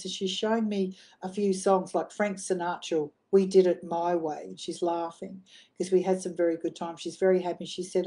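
A woman with an Australian accent giving gentle, flowing live readings as a psychic medium. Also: on the low side, steady tone, normal speed.

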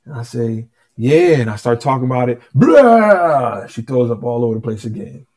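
A man, a guest musician, telling a story in a relaxed conversational way, restarting sentences and acting out dialogue. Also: medium pitch, fast talker. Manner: animated, restarts often, acts out dialogue.

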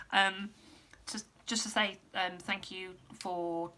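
A woman, a musician giving a casual vlog update, rambling with many pauses and restarts, her voice going hoarse. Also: medium pitch, pushed and bright. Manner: rambling, lots of ums and restarts. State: losing her voice, clearing throat.

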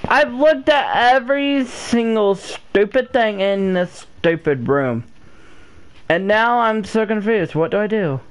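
Exasperated gamer with a lively voice. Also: medium pitch, takes it slowly, clear, resonant tone. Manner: exasperated, loud outbursts. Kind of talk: casual let's-play commentary.

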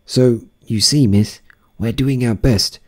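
Man voicing a nervous card gardener, low hesitant speech, old-fashioned words, lively pitch. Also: normal speed, natural voice.

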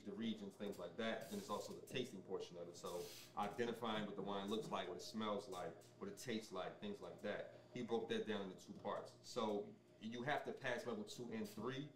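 A man speaking as a sommelier guest in a casual interview, explaining things in a relaxed way with many ums and restarts. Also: lowish voice, a little fast, roomy sound, recorded from a distance.

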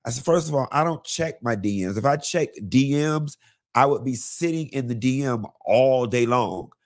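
A man hosting a live celebrity gossip show, talking bluntly and sassily, with lots of cursing and animated storytelling. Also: mid-range voice, moderate pace. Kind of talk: casual celebrity gossip commentary.

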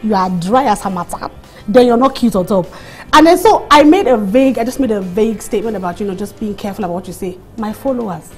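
A woman in her thirties, a comedian guest chatting and telling stories in an animated way, full of fillers. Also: mid-range voice, quick pace, soft background music. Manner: animated, storytelling, many fillers. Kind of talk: casual chat.

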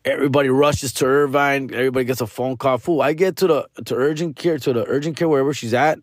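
A man's voice: mid-range voice, fairly even intonation, fast, dry recording, clean studio sound. Slangy, profane male comedian storyteller. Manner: profane, slangy, sprinkles Spanish slang and "fool"; rambling, restarts often. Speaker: comedian podcast host.

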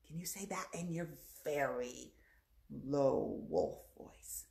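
Animated woman leading a kids' storytime. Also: rumbling low, slow pace, gravelly. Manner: animated, playful, talking to young children. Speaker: children's librarian. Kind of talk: children's storytime. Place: library. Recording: echoey room.

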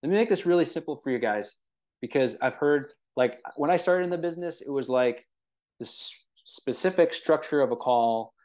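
A man's voice: a little high, lively intonation, moderate pace, darkish tone. Casual man giving a sales training. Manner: conversational, with frequent fillers and rhetorical "right?". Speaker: real estate trainer.

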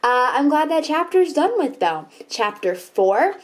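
A young woman with a slightly high voice chats straight to the camera in a casual vlog. She rambles and gushes, bubbly and quick to put herself down, with plenty of fillers. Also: very animated. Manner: bubbly, gushing, self-deprecating, rambling with fillers. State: out of breath. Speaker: writing vlogger.

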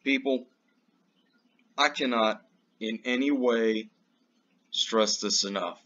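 A man's voice: mid-range voice, fairly bright tone. A man hosting his own show, ranting emphatically with lots of profanity in a political commentary. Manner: slow and drawn out. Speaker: show host. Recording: dull lo-fi recording.

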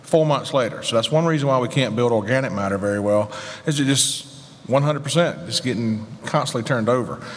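A plainspoken man explains his farming practice briskly as a guest on a conference panel. His mid-pitched voice echoes with the long reverb of a large session hall.

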